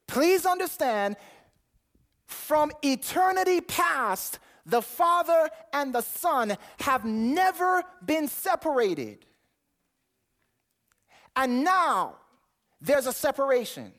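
A man's voice: extremely high pitch, big pitch swings, takes it slowly, long pauses, a bit bright. An earnest male preacher delivers a sermon, reading scripture aloud in King James wording. He repeats words as he pushes toward a point and asks the congregation questions as he goes.

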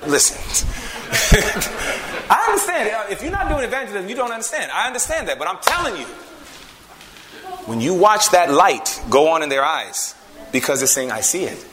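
A man preaching a sermon, swinging from loud emphasis to hushed storytelling. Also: high-pitched, sing-song, moderate pace, long pauses, roomy sound, noisy background.

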